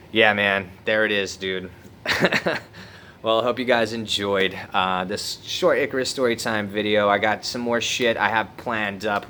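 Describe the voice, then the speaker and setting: A man's voice: lowish voice, pushed and bright, slight background noise. Laid-back, swearing young man telling a story. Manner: laid-back, profane, laughs through the story. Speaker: vlogger. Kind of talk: casual storytelling.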